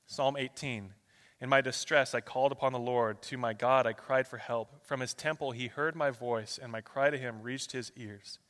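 A male pastor preaching a sermon, his delivery swinging between loud rapid bursts and soft slow passages as he runs through a long string of scripture verses. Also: medium pitch, steady tone, big-room sound. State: out of breath.

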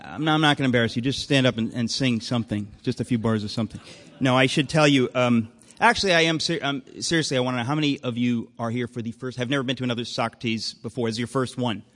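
A man hosting a live event, introducing the speaker with deadpan jokes and a rambling manner full of fillers. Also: medium pitch, fast talker, long reverb tail. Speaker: event host. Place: event hall with an audience.

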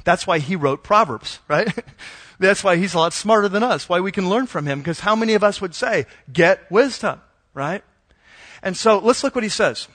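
Speaking at an ordinary pace in a high-pitched voice, this middle-aged pastor tells a family story during his sermon. His delivery is easygoing and chatty, with frequent ums and false starts.

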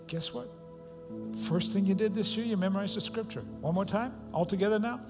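A man's voice: high voice, fairly quick. A pastor preaching a sermon to his congregation and leading them in reciting scripture line by line. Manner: leads congregation in call-and-response recitation. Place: large church auditorium. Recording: long hall reverb with faint music.

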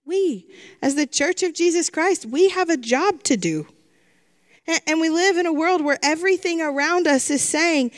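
A middle-aged woman preaches a sermon in a fairly high voice. She speaks earnestly and leans on repeated phrases to drive her point home. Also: normal speed. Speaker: pastor.

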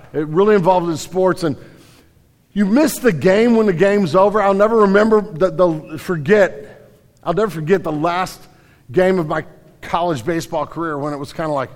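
A man's voice: a little high, fairly quick. A middle-aged male pastor giving a sermon with folksy storytelling and frequent restarts. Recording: long reverb of a large hall.

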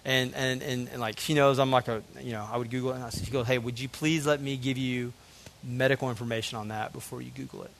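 A man's voice: mid-range voice, steady tone, quick pace, vocal fry, a little hiss or hum. A man in his thirties preaching a sermon, telling a personal story earnestly and emotionally, often saying "man". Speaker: pastor.

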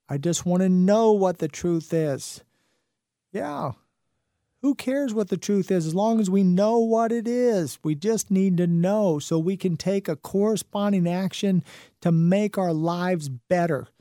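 A man's voice: sits high, dark tone, dry recording, studio quality. A middle-aged man hosting a health and wellness radio talk show, folksy and preachy, full of rhetorical questions.

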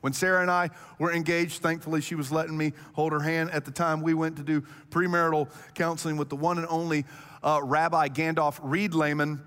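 A man in his thirties preaching a sermon, telling stories with animated energy and speeding up when he gets excited. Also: a little high, a little fast, in a large hall. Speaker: pastor.

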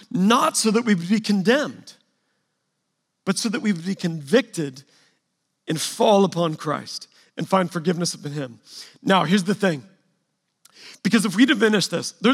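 High-voiced pastor preaching in a reverberant hall. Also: male voice. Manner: casual, conversational preaching with quoted asides. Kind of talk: sermon. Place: church stage.

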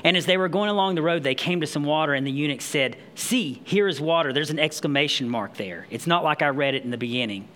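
A man's voice: a little high, expressive, fast, hardly any pauses, fairly bright tone. Man preaching a sermon, faint hiss behind. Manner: reads scripture aloud then explains it conversationally, with emphatic restarts. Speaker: pastor.

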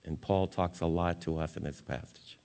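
A male pastor preaching a sermon and leading a closing prayer, earnest, rising to emphatic peaks and then dropping soft. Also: low voice, steady tone, moderate pace.

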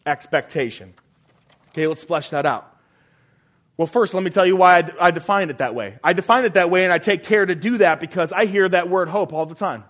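A man's voice: on the high side, fairly bright tone. A man preaching a sermon as pastor, emphatic and repeating key phrases, often asking the congregation questions.

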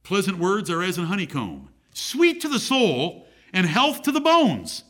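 A man's voice: high-pitched, wildly swooping pitch, a little slow, a bit bright. A middle-aged man preaching a sermon, reading scripture aloud and repeating key phrases for emphasis.

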